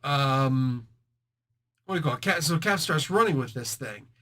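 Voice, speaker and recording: Excitable man recapping comics, bright voice. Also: medium pitch, moderate pace. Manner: excitable, slangy storytelling with sound effects. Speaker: comic book reviewer host. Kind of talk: casual comic review recap.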